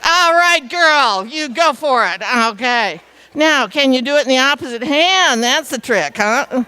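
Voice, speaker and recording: Playful woman speaker, bright, smooth voice. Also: sits high, expressive, unhurried. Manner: playful, chatty, coaxes the audience to join in. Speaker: featured speaker. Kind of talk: interactive audience talk. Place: meeting hall before a live audience.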